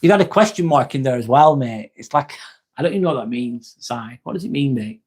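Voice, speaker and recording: A mid-range, slightly mellow voice with a breathy edge comes from a Northwest England livestream host with an East Lancashire accent. Expressive and fairly quick, he reads viewer comments in a laid-back, matey manner, swearing freely and calling everyone mate.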